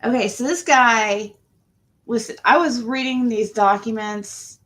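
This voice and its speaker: Unhurried woman chatting on a livestream. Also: fairly high pitch, a bit bright. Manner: rambling, trailing off and restarting sentences. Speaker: livestream host. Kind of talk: casual livestream chat.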